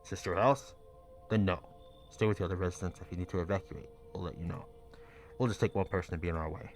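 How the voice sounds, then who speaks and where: A man voicing a calm, measured government field agent in a game. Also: low-pitched, soft background music. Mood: calm, official. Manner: measured, official.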